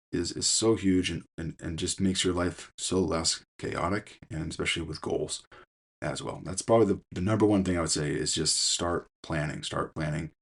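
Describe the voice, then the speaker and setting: A man with a low, deep voice talks through his coaching advice in an unscripted solo podcast. He sounds middle-aged and conversational, circling back with "you know" and false starts as he thinks aloud. The delivery is plain and earnest rather than polished. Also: creaky, breathy edge. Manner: conversational, many fillers and restarts. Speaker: fitness podcast host and coach. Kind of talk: casual solo podcast talk.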